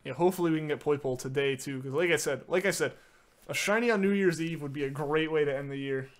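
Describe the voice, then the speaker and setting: Guy streaming a game, talking to chat, kinda high voice, says like a lot. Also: fast. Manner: chatty, reads out and answers viewer messages; filler-heavy, many "like"s and restarts. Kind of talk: casual live-stream chat.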